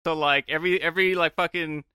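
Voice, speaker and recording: Male podcast co-host, high bright voice, dry close sound, profane animated storyteller. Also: fast talker, clean tone, no room sound. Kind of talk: casual chat.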